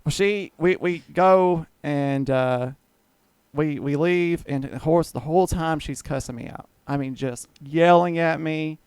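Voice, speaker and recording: Man, slightly high gravelly voice, profane rambling storyteller. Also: unhurried, a little mellow, dry recording. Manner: rambling, profane, acts out quoted dialogue. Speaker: guest storyteller. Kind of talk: casual podcast storytelling.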